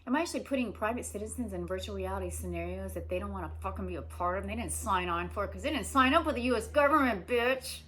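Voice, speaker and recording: A woman's voice: mid-range voice, quick pace, hardly any pauses, a bit bright, slight background noise. Woman in a rambling, profane monologue. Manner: run-on questions, heavy swearing.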